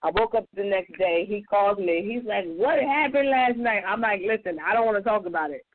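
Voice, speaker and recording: A woman on a radio talk show telling a personal story in a casual, profane, animated way. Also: a little fast. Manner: animated, profane, acts out quotes in a higher voice. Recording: tinny phone-like radio audio.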